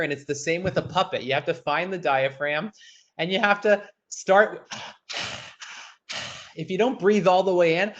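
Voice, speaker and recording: A young man with a fairly high voice leads a virtual puppetry workshop. He talks in an animated way and drops into quick puppet voices to demonstrate. The audio is a little dull and lo-fi, as on a video call.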